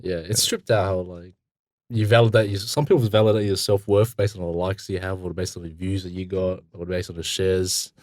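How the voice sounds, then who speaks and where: A young man co-hosting a podcast, chatting casually, animated and slangy, swearing freely. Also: deep voice, a little fast, no room sound, clean studio sound. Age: young adult. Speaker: podcast co-host. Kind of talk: casual chat.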